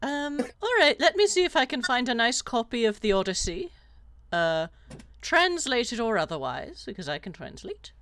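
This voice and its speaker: A woman talking animatedly as a player in a tabletop role-playing game, with quick asides and frequent laughter. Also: fairly high pitch, very animated, a bit bright. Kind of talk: casual tabletop role-play.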